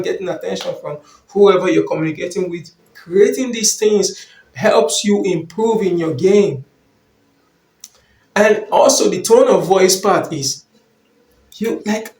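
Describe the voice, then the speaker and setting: Emphatic high-voiced man coaching, echoey room. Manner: repetitive, emphatic, calls listener brother. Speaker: dating and confidence coach. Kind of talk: motivational talk to camera.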